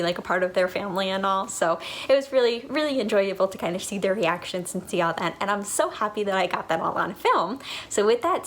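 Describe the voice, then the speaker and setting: A woman's voice: medium pitch, a little hiss or hum. A woman in her twenties, a vlogger telling a story to camera in a chatty way, full of "like" fillers.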